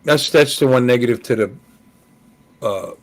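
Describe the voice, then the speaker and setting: A man's voice: mid-range voice, moderate pace. A man hosting a casual live stream hangout, chatty and greeting viewers, often repeating words as he thinks. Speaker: host of a live hangout show. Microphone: live stream call.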